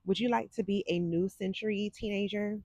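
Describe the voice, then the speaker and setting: Hosting a psychic livestream, a woman in her forties chats sassily and casually, speaking directly to her viewers. Her mid-range voice is a little mellow, fairly quick, and fairly even in intonation, coming through a desk microphone with no echo.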